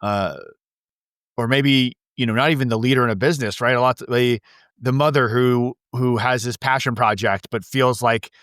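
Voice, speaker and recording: A man's voice: medium pitch, fairly even intonation, normal speed, a bit bright, no echo, studio quality. A man hosting a podcast, asking long, rambling questions full of restarts. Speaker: podcast host. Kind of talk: casual interview.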